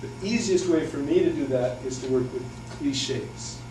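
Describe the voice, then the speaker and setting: A man's voice: a little high, normal speed. A middle-aged man, a teacher, giving an upbeat, jokey presentation to a room of teachers. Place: room with an audience. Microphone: distant room mic. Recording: echoey room from far off with background noise and hum.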